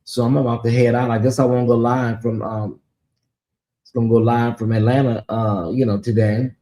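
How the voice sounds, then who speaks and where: Talking straight to his audience, a Southern US man hosts a relaxed livestream and reads their chat aloud before replying. He speaks at a moderate pace in a medium, fairly flat pitch with a dark tone.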